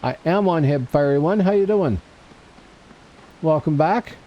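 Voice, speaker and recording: A man's voice: on the high side, animated, measured pace, lo-fi sound. A man casually commenting on his gameplay on a livestream, chatting to himself and to viewers in chat. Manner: chatty, talks to himself and chat while playing. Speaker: livestream gamer.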